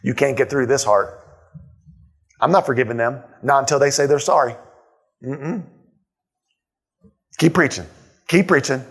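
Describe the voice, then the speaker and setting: A man's voice: medium pitch, unhurried, long pauses, breathy edge. A man voicing a stubborn churchgoer who refuses to forgive, humming dismissively and muttering. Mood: defiant.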